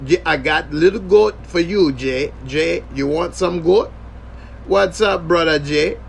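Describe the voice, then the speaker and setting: Host putting on a laid-back buddy voice, friendly and repetitive, a bit high and gravelly. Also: male voice, slow, a little hiss or hum. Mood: offering. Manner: friendly, repeating offers. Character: laid-back man offering curry goat.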